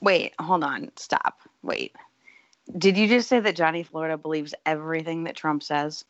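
A woman's voice: deep voice, moderate pace, no echo, lo-fi sound. A woman guesting on a casual podcast, making wry remarks.

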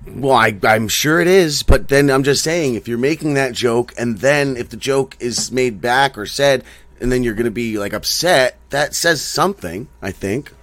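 A man's voice: medium pitch, moderate pace, a bit bright, no echo. A man guesting in crude, casual banter, needling and swearing, rambling through stories. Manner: needling, profane, rambling storyteller.

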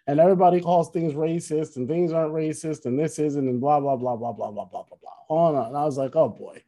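A man's voice: a little high, quick pace. A man in casual conversation, telling a story with lots of restarts and asides. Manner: rambling, self-correcting, animated retelling. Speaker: podcast co-host, musician.

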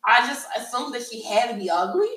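A woman's voice: on the high side, expressive, a little fast, fairly bright tone, far from the mic, slight background noise. A woman co-hosting a podcast in casual chat, frank and profane, often laughing. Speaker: podcast co-host. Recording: echoey room, a bit off-mic.

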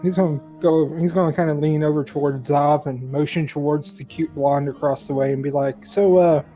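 Man player, chatty, mid pitch, light music behind. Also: level tone, fairly quick, mellow. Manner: chatty, laughs a lot. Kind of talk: casual tabletop play.

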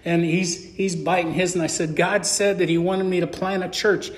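A man's voice: sits high, little pitch movement, moderate pace. A middle-aged man preaching a sermon as pastor, telling a story and acting out the dialogue. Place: church sanctuary. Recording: echoey church room.

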